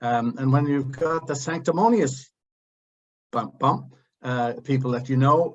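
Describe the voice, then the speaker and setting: A man's voice: mid-range voice, measured pace, muffled recording. A man speaking as a panelist in a heated open discussion, blunt and impassioned, drifting into digressions.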